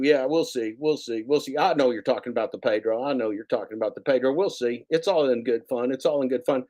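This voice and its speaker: A man's voice: mid-range voice, fast, few pauses, a little mellow. A man hosting a casual livestream, rambling and repeating himself as he teases viewers and reads the chat. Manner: rambling, repetitive, teasing. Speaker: livestream host.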